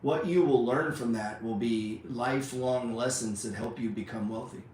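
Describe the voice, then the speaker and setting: A man's voice: mid-range voice, normal speed, darkish tone, recorded from a distance, slight background noise. A man giving a blunt, profane motivational rant about trading as a teacher, peppering his talk with "man" and "dude". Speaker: trading educator. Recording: echoey room, voice from off-mic.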